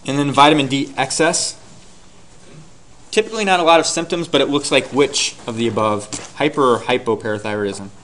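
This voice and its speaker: Man lecturing a class with quick questions. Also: mid-range voice, fairly bright tone, slight background noise. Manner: quizzing students with quick questions. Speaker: teacher.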